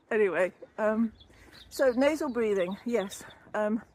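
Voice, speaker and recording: Her mid-range voice is expressive and a little mellow, and she takes her time speaking as she walks along a canal, breathless. The older woman, a wellbeing vlogger and ex-yoga teacher trainee, is chatty, rambling and laughs easily. A built-in camera or phone mic captures her, along with slight background noise.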